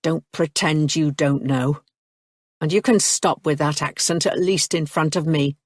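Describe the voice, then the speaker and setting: A suspicious young nobleman spy with a clipped, growling delivery, as a woman narrator plays him. Her voice is lowered and slow, recorded dry and close for an audiobook. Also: dry recording. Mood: cold.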